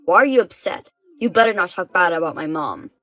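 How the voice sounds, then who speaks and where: A woman's voice: lowish voice, expressive, a little fast, a bit bright, low-quality recording. A woman voicing a selfish husband who brushes off complaints and justifies himself. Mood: dismissive. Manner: dismissive, self-justifying. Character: defensive, selfish husband, man.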